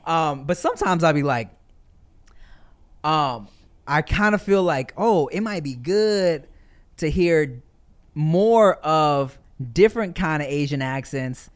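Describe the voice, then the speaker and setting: A man co-hosting a podcast in casual chat, relaxed and slangy, often checking in with the listener. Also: a little high, takes it slowly. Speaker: podcast co-host.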